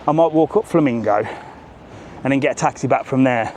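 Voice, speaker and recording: A man's voice: mid-range voice, fairly quick, a little mellow, a little hiss or hum. A man doing a live walking travel vlog, chatting and joking with passers-by. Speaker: travel vlogger. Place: outdoors on a seafront promenade.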